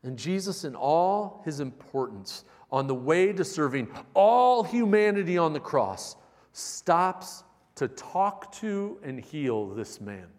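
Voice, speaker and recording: A man preaching a sermon as a pastor, animated, shifting between loud emphatic bursts and soft, intimate passages. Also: fairly high pitch, slow, in a large hall.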